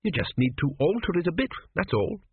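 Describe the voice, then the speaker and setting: A quick, pedantic young man reasons his way past a sphinx, as a male narrator puts him on. His voice sits higher and lively, slightly husky, with tinny phone-like sound. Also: dry recording, full character voice. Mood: reasoning.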